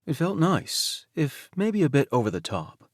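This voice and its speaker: A man narrating a romance audiobook in first person, intimate and soft-spoken. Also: on the high side, very animated, a little slow, dry recording, clean studio sound.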